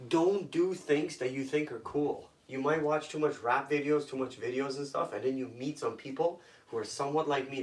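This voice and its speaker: Speaking off-mic in an echoey room, a Toronto man appearing as a guest shares intense stories from his own life using profane, blunt street language. His voice is medium in pitch and sounds far from the microphone.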